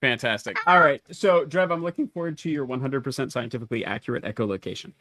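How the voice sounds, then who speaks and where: A man's voice: mid-range voice, quick pace, pushed and bright, no echo, studio quality. A man hosting as game master, upbeat and encouraging.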